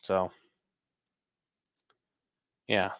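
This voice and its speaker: A man's voice: drawn-out words, a bit bright, dry recording. A man hosting a casual livestream, reading chat comments and commenting bluntly with swearing and lots of fillers. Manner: blunt, profane, rambling with many fillers.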